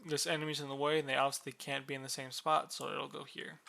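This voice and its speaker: A man casually explaining the rules of a board game unit, relaxed and drowsy, with many fillers and yawns. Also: fairly high pitch, quick pace, gravelly.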